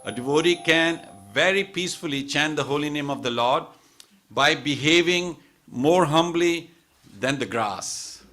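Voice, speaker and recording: A man's voice: on the high side, a little slow, bright, forceful tone, faint music behind. A man giving a temple talk as a sermon, telling stories in a chatty way with many asides and restarts. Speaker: temple speaker. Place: temple hall.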